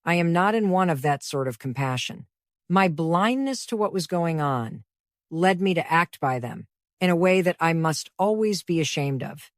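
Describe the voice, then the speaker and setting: A woman reading the part of a clever young woman speaking earnestly and trying to sound lively. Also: on the low side, normal speed, no echo, studio quality, close to an everyday voice. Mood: confessional. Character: clever young woman, proud but contrite.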